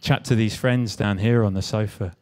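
His voice is fairly low, steady and darkish, at normal speed, as a young man from England's West Country works a live crowd. The casual creative talk plays like stand-up, full of swearing, jokes and self-deprecating banter with the audience.

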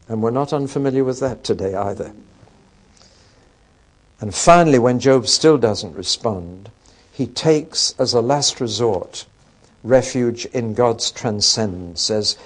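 A man giving a conversational Bible lecture, with wry asides and rhetorical questions to his audience. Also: medium pitch. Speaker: Bible teacher.

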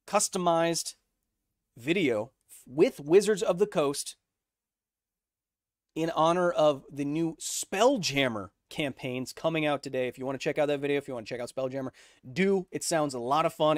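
A man in his thirties hosting a live stream, reading chat questions aloud and explaining science in an energetic way. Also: on the high side, dry recording, clean studio sound. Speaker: host.

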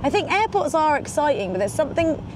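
An excitable, chatty woman vlogging from a moving car, swearing casually as she talks. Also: high voice, quick pace. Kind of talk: casual road-trip chat. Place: in a car on the road. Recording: road noise behind. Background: car and road noise.

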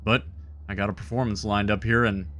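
A man's voice: on the low side, level tone, brisk, fairly bright tone, slight background noise, close to an everyday voice. A man voicing a nervous, earnest young male bard while reading game dialogue aloud. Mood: earnest, wistful. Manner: reads the bard's lines aloud in his own voice.

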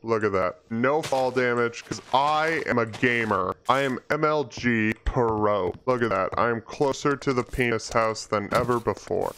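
Young guy doing crude gameplay commentary, panicky one sec then playing a pompous god, slow talker, bit of hiss. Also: a bit bright. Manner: panicky, crude and mock-grandiose, with jumpy pitch. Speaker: gaming YouTuber.

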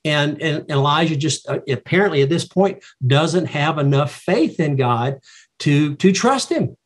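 A man teaches a Bible study, reasoning through the text in a reflective, halting way. His voice is husky and sits a little high for a man. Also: animated.

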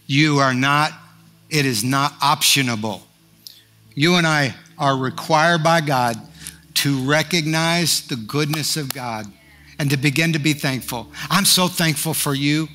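A man's voice: fairly high pitch, pushed and bright. A male pastor preaching a sermon, fervent and declaring, rising to emphatic peaks.

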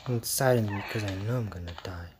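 A man playing a horror game, muttering jittery, exasperated commentary with hushed asides. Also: fairly low pitch, quick pace, noisy background. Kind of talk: let's-play commentary.

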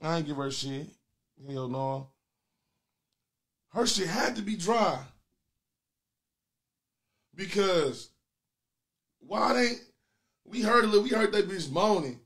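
Higher-voiced dude hosting a call-in comedy show, loud, crude, roasting callers nonstop. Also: male voice, lively intonation, slow pace, long pauses. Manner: loud, profane, taunting callers.

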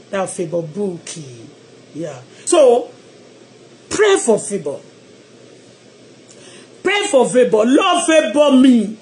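A man with a Nigerian Yoruba accent leading a loud, repetitive prayer on a live stream, switching between English and Yoruba. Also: very high voice.

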